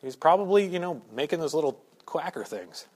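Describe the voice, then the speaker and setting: A pastor preaching a sermon to his church, shifting from quiet asides to loud, emphatic points. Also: a little high, expressive, brisk, breathy edge. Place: church sanctuary.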